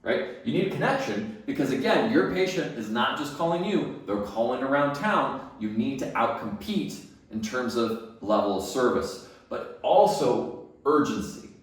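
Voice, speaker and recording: A man's voice: medium pitch, animated, moderate pace, distant mic. A man teaching dental staff phone skills, emphatic, asking and answering his own questions. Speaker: dental practice phone coach. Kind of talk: instructional talk. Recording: very echoey room, set back from the mic.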